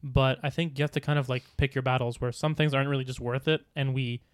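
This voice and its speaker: A man's voice: medium pitch, little pitch movement, fast talker, clear, resonant tone, no room sound, clean studio sound. A young man co-hosting a casual podcast chat, telling a rambling story full of fillers. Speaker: podcast co-host.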